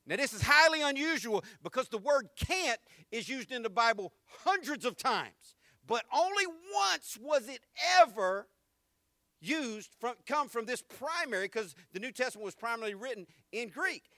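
A man preaching a sermon as pastor in an animated, conversational way, with slang, humor and repeated words as he starts sentences. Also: very high voice, normal speed, no echo, clean studio sound.

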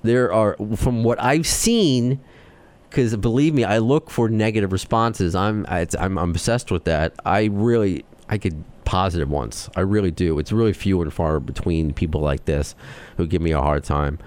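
A man with a New York accent hosting a podcast, talking fast and excitably as he rants. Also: low-pitched. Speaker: podcast host. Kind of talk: casual chat.

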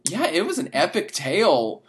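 A woman's voice: on the low side, big pitch swings, moderate pace. A woman co-hosting a podcast, chatting casually and teasing her partner playfully. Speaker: podcast co-host. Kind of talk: casual chat.

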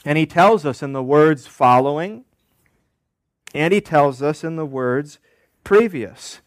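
Male pastor mid-sermon, unhurried, fond of repetition and rhetorical questions, close and dry. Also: a little high, lively intonation, no echo. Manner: deliberate, repeats key phrases, asks rhetorical questions.

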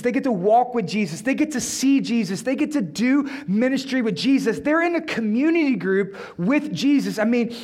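A man preaching a sermon in a conversational style, full of rhetorical questions. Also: very high-pitched. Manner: acts out disciples' panicked pleas, then drops to a hushed tone. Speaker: pastor.

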